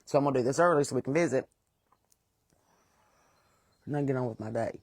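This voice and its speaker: A woman's voice: rumbling low, a little fast, a little mellow, dry recording. A middle-aged woman with a West Virginian accent, hosting a casual monologue and talking in a blunt, plain-spoken, aggravated way. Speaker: host.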